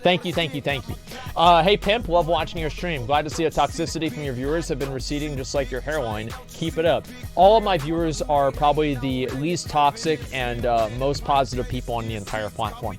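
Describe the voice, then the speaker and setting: A man streaming live, chatting casually and rambling through a profane, animated story while reading donations. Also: on the high side, fairly quick. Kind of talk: casual livestream chat. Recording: faint music behind voice.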